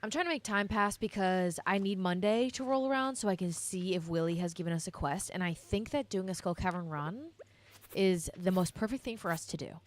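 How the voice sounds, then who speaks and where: A woman's voice: medium pitch, animated, fairly quick. A young woman giving casual, rambling gameplay commentary as a gaming vlogger, chatting directly to her viewers.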